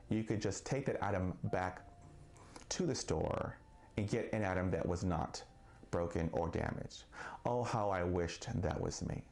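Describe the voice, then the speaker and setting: A man speaking slowly and earnestly about his own life in a personal vlog, with occasional stuttered restarts. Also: low voice, gravelly, darkish tone. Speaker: vlogger sharing his experience of stuttering.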